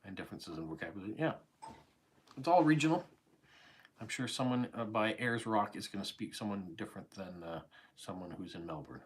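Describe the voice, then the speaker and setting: His voice fairly low, expressive and brisk with a breathy edge, a Canadian man in his forties hosts a live stream. He has a slight English-tinged accent and rambles through viewer comments in a conversational way, dropping in lots of fillers and asides.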